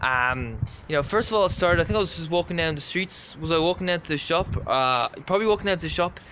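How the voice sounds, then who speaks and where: A man's voice: a little high, lively intonation, fast talker, pushed and bright, slight background noise. Rambling Irish man telling a story. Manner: rambling, repetitive, many fillers. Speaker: vlogger. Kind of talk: casual storytelling.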